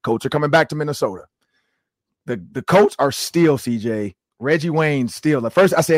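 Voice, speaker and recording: A man in his forties hosting a sports podcast, telling stories in a casual, animated way and acting out quotes with lots of "like.". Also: fairly high pitch, normal speed, no room sound, studio quality. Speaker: podcast host.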